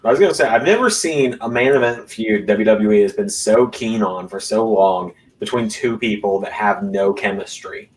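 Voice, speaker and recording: A young man hosting a podcast, chatting casually and making quick, wry remarks. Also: lowish voice. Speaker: podcast host. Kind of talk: casual chat.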